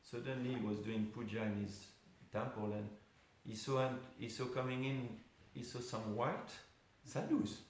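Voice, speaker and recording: A man with a medium-pitched voice speaks at normal speed, barely pausing, as he leads an informal class in a temple hall. He tells a story in a chatty way with many asides, and the recording is very echoey with a faint hiss.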